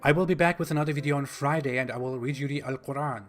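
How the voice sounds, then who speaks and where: Man with a German accent, mid pitch, blunt and mocking video monologue. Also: faint music behind. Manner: blunt and mocking, with pauses and fillers. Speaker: video host.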